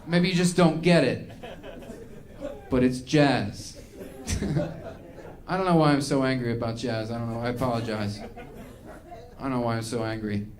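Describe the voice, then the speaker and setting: A man's voice: mid-range voice, normal speed. A man doing a stand-up comedy routine, ranting in an exasperated, self-mocking way.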